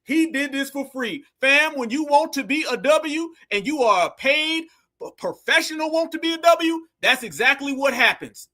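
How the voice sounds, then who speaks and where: A man's voice: very high voice, animated, moderate pace, sharp tone. A man hosting heated social commentary, fiery and preachy with lots of slang. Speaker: commentator host.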